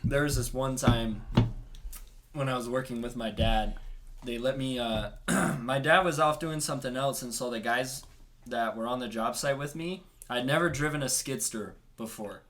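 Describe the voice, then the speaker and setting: A man's voice: medium pitch, normal speed, a bit bright. A man chatting as a podcast guest, rambling through a story and laughing often. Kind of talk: casual podcast chat.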